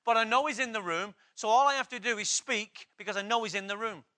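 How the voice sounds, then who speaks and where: A man's voice: sits high, fast talker, sharp tone. A man preaching a sermon, emphatic, repeating key phrases and asking the congregation questions.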